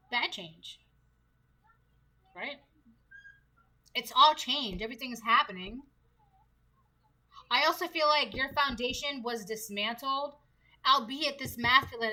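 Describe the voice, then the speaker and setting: A woman's voice: a little high, pushed and bright. A woman giving a casual tarot reading, chatty and slangy, often laughing between points. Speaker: tarot reader.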